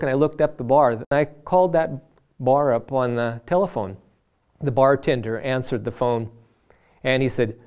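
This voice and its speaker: A man's voice: fairly high pitch, darkish tone, clear, resonant tone. A man sharing a personal faith testimony from the pulpit. He talks in an earnest, conversational way and slips into the voices of the people he quotes. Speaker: lay preacher.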